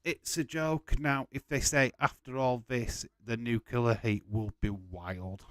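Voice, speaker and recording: A man's voice: medium pitch, steady tone, a little slow, fairly bright tone, dry recording. A man hosting a casual live watch-along stream, chatting loosely with frequent swearing and rambling restarts. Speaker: livestream host.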